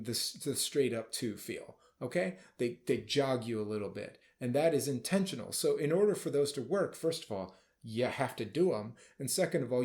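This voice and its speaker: A man's voice: mid-range voice, a little mellow. A man leading a band rehearsal as conductor, explaining casually and now and then singing or calling out musical phrases. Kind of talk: rehearsal instruction.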